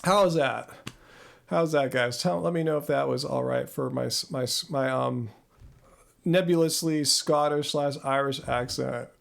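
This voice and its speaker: A man's voice: medium pitch, normal speed, gravelly. A man hosting a live Q&A on his channel, rambling and self-deprecating with lots of fillers, talking into a close mic. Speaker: channel host. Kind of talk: live Q&A chat. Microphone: close studio mic.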